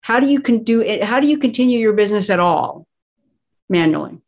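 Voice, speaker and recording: This is a woman with a mid-pitched voice, speaking as a guest expert in a conversational interview. She explains crisis planning emphatically and leans hard on her key words. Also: animated, brisk, a little mellow.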